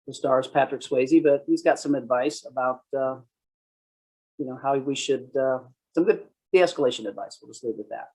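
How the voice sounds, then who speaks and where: A man's voice: medium pitch, moderate pace, darkish tone, husky, low-quality recording. A man presenting a police training session, conversational, acting out sample phrases. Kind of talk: conference presentation.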